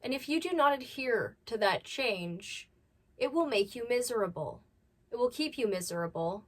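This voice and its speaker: A woman's voice: on the high side, lively intonation, moderate pace. A woman hosting a reaction commentary, talking bluntly and scolding. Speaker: commentary host.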